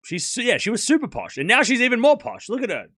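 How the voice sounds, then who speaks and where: A man's voice: very high voice, huge pitch swings, quick pace, pushed and bright, dry recording, studio quality. A man hosting a live tennis watchalong stream, mixing casual play-by-play with joking banter and frequent laughs. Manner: chatty, joking, laughs often, argues playfully with chat.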